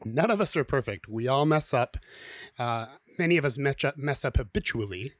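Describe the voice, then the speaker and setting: Male co-host, mid pitch, exhortative and warm-humored, close dry mic. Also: lively intonation, moderate pace, no echo. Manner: encouraging, exhortative, lightly joking. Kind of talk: casual podcast conversation.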